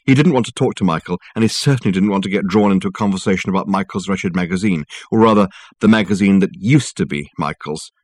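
A man narrating a novel as an audiobook reader, measured and wry. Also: on the low side, darkish tone, dry recording. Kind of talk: scripted narration.

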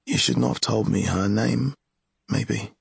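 A brooding young wizard full of regret, as a man reads him aloud, his words grave and mournful. The voice is low and gravelly with a husky edge, and it unfolds slowly in a dry, close audiobook sound. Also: no room sound, exaggerated voice. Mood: hushed. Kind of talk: audiobook character reading.

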